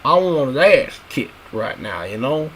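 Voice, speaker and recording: A man's voice: medium pitch, big pitch swings, unhurried, very noisy. A man streaming, ranting bluntly and crudely in a casual, repetitive way.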